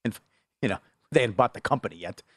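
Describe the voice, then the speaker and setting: Middle-aged male sports radio host, animated storyteller, lively upper voice, dry studio sound. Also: quick pace, dry recording. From Superior, Wisconsin. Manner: animated storyteller, big pitch swings. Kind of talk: casual sports talk.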